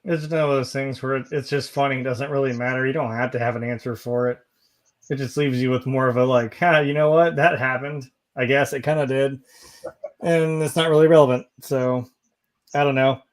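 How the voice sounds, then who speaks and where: A man's voice: mid-range voice, fairly even intonation, moderate pace. A man in a casual movie review chat, laid-back and laughing, with plenty of swearing. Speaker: podcast co-host.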